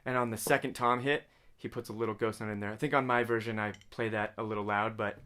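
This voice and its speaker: A man's voice: fairly low pitch, steady tone, fast, hardly any pauses. Man scatting drum fills over music. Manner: scats drum patterns aloud with vocal syllables; calls out stickings and counts beats. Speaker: drum teacher. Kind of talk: casual instructional talk. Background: drums and music playing.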